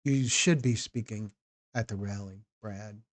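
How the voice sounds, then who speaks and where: A documentary host answers live chat on a stream, talking casually with viewers by name and often restarting his phrases. His voice is fairly low in pitch and unhurried.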